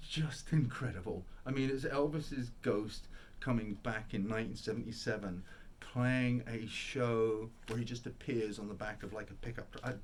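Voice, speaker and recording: A man's voice: mid-range voice, slight background noise. Rambling enthusiastic male record collector. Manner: rambling, enthusiastic, self-interrupting. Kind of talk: casual monologue.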